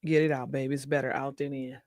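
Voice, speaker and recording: A man's voice: medium pitch, flat delivery, fast, a little mellow, no room sound, clean studio sound. A man hosting a casual talk show, chatting and reading viewer comments aloud with frequent laughter. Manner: chatty, laughs often, talks to viewers directly. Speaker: show host.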